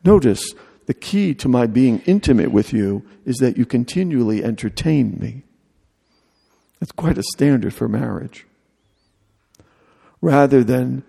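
Male preacher, mellow and husky voice, chatty jokey delivery, reverberant hall. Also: mid-range voice, animated, measured pace. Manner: humorous, conversational preaching with mock dialogue. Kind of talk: sermon.

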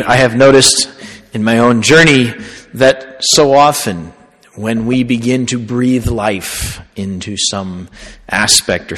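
A man who is a Catholic priest, giving a sermon in a slow, conversational storytelling way. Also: medium pitch, fairly bright tone. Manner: conversational storytelling preaching, slow deliberate phrasing. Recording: long hall reverb.

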